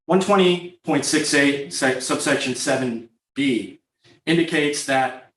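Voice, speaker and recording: A man's voice: medium pitch, fairly bright tone. Lawyer guy making his case point by point, sounds far off in an echoey room. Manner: formal, structured, numbered points. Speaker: attorney for the agency. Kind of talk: courtroom oral argument. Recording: echoey courtroom, voice far from the mic.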